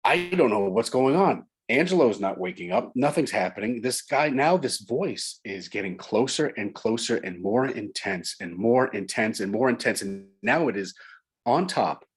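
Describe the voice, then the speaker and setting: A man's voice: mid-range voice, lively intonation, normal speed, husky. A man from Long Island, an author and guest, telling a ghost story in casual chat, building suspense through repetition. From Long Island, New York.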